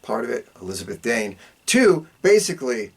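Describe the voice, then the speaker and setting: A man of middle pitch tells a film's plot as a casual podcast host. His delivery is animated, jumping high and dropping low for effect. He swears freely and leans on a stock catchphrase. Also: moderate pace, creaky, husky. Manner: animated storytelling with big pitch swings; profane, repeats a catchphrase. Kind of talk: casual movie recap.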